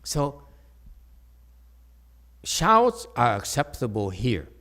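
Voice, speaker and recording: A man's voice: mid-range voice, extremely slow. A man giving a Chan meditation Dharma talk, checking in with frequent "okay?" tags and restarting phrases, his voice jumping up when he makes a point. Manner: animated, voice jumps up when emphatic.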